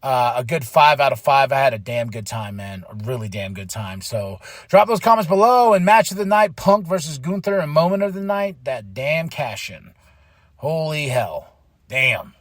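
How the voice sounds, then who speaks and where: A man hosting his own podcast, giving a casual, excitable solo review, breaking into laughter and acting out his reactions. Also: mid-range voice, moderate pace, no room sound. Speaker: podcast host reviewing a wrestling event.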